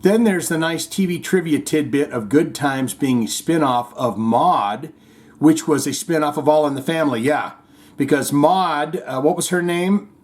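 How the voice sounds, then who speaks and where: A man's voice: on the high side, moderate pace. A man hosting a podcast, chatting casually and rambling through listener comments, chuckling often. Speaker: podcast host.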